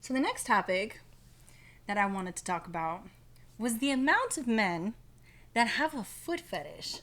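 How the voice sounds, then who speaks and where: A woman's voice: medium pitch, expressive, a little slow, a bit bright. A woman co-hosting a podcast in casual chat, blunt, profane and playful. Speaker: podcast co-host.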